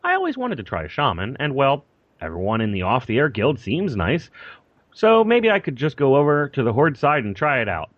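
A man's voice: medium pitch, wildly swooping pitch, brisk, dry recording. A man co-hosting a casual gaming podcast, reading a listener email aloud with chuckles and apologies. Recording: dull lo-fi dry podcast mic.

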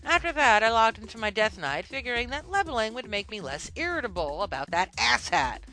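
A woman with a bright, clear voice hosts a casual gaming podcast. Her pitch swings widely as she mocks trolls and laughs along. Faint music plays behind her. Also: fairly quick. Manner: animated, laughs often, mocking. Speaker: podcast host.

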